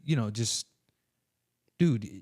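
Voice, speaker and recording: A man's voice: mid-range voice, slow pace. A man co-hosting a podcast, telling a story in a casual, rambling way with lots of fillers, then acting out the people in it. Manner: rambling, many fillers and restarts; animated, acts out quoted people in a raised voice. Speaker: podcast co-host.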